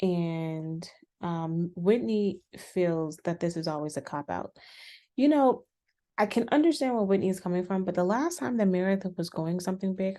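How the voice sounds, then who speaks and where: Woman reviewer, low-pitched and warm, talky and animated recap delivery. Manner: chatty, animated retelling with frequent "um" and restarts. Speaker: reality TV reviewer. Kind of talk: casual recap commentary.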